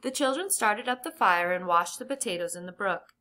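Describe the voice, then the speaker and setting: A woman reading a children's chapter book aloud with clear, gentle emphasis. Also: medium pitch, lively intonation, brisk. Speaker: audiobook reader. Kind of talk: children's storybook narration.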